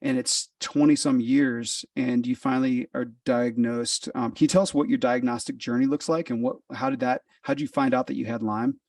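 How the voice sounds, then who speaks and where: Gravelly-voiced male host on a distant mic. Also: mid-range voice, fairly even intonation, darkish tone, no room sound, clean studio sound. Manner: supportive, gives short verbal nods, halting with fillers. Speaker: podcast host. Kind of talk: interview.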